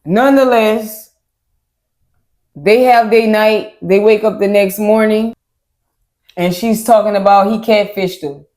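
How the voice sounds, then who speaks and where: A woman's voice: medium pitch, darkish tone. A woman co-hosting a reaction show, recapping an episode in casual chat and acting out what the people said. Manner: laid-back, acts out quotes from the episode.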